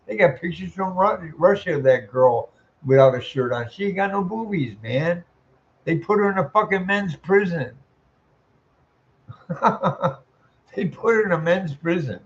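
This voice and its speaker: A man in his sixties with a voice he calls squeaky, ranting bluntly and swearing a lot as he comments. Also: lively intonation, a little slow. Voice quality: self-described squeaky voice. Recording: muffled lo-fi audio.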